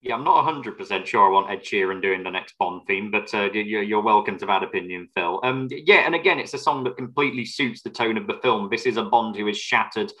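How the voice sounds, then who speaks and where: Bright, lively man in a casual podcast chat. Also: fairly low pitch, brisk, few pauses, rough recording. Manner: lively, wry anecdotes. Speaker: podcast co-host. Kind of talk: casual chat about film music.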